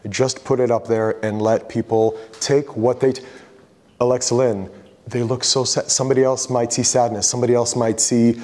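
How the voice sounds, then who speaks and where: A man's voice: mid-range voice, level tone, moderate pace, a little mellow. Guy talking about his photos at a gallery, loose and chatty, says like a lot, long hall echo behind him. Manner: loose and chatty, full of "like" and retold dialogue. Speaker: photographer giving an artist talk. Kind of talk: casual talk to a gallery audience.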